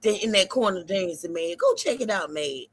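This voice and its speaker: A woman hosting a casual livestream, telling stories loudly, laughing and swearing. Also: mid-range voice, normal speed, a crowd in the background. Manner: loud, laughing, profane, animated storytelling. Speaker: streamer host.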